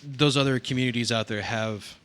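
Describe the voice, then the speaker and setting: Male podcast co-host, bright tone, rambling and profane, crude humor. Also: medium pitch, brisk. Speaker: nursing home worker. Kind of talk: casual podcast chat.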